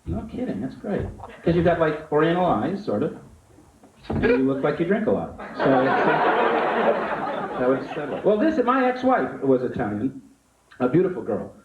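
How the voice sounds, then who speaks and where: A man's voice: a little high, big pitch swings, moderate pace, long pauses. A man doing live stand-up comedy and magic in a club, teasing the audience as he riffs. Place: comedy club stage before a laughing audience. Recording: lo-fi 1980s live tape, roomy club, loud hiss.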